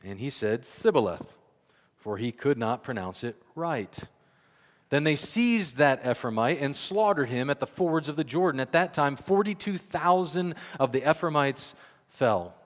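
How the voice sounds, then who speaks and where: A man preaching a sermon in a conversational, animated way, acting out the voices he quotes. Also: mid-range voice, moderate pace, big-room sound. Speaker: pastor.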